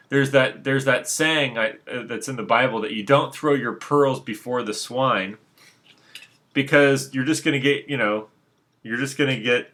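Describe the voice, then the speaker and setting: A man's voice: medium pitch, bright, forceful tone. A man speaking off the cuff about spirituality in a rambling monologue, full of restarts and fillers, frank and unbothered. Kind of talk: unscripted monologue.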